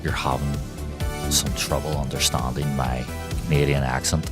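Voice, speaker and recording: A man's voice: rumbling low, flat delivery, moderate pace, over music. A man chatting casually on a live game stream, rambling and swearing freely while he talks to his chat.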